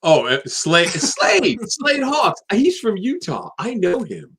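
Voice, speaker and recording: A man hosting a casual live show, with a voice that sits a little high. He is easygoing and chatty and breaks into laughter often. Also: huge pitch swings, takes it slowly, a bit bright, husky. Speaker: host. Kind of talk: casual chat.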